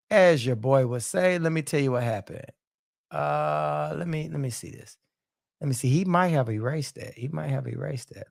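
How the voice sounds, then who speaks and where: A man hosts a casual boxing chat on a live stream, loose and repetitive, with "man" and "you know" in nearly every sentence. His voice is fairly high with vocal fry, recorded studio-clean with no room sound.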